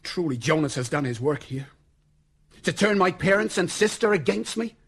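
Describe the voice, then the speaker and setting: A man's voice: a little high, expressive, moderate pace, a bit bright, husky, heavily acted. An actor playing an earnest young Royalist officer who pleads passionately for his faith and king, in a 1970s radio drama. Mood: anguished. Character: young Royalist officer, devout, principled, torn.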